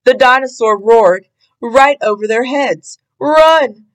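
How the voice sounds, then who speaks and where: A woman reading a children's storybook aloud in an expressive, sing-song way. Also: medium pitch, measured pace, low-quality recording. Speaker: storybook reader.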